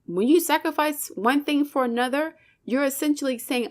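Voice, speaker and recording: A woman's voice: high voice, normal speed, hardly any pauses. A woman hosting her own channel, giving an impassioned commentary monologue, emphatic and preachy, firing off rhetorical questions and swearing.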